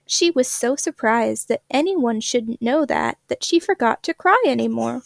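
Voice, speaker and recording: A woman reads a children's picture book aloud, gentle and expressive. Her voice is high with a gravelly edge, recorded close and dry. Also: a little slow, dry recording. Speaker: storybook reader. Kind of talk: children's story read-aloud.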